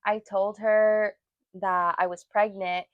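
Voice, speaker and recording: Acting out quotes as she tells stories, a young podcast co-host chats casually in a mid-range voice, taking her time. The audio is dry, narrow and tinny.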